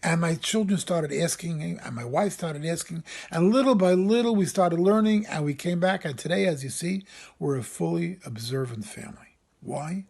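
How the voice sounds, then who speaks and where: Man, camp rabbi, storytelling sermon, husky, a bit high-pitched, animated. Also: moderate pace. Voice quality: gravelly, husky. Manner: animated storyteller, voice rising for quoted speakers.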